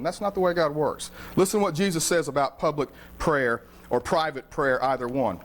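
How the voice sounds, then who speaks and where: A man preaching a sermon as pastor, conversational and animated, telling stories with humor. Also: a little high, moderate pace, hardly any pauses.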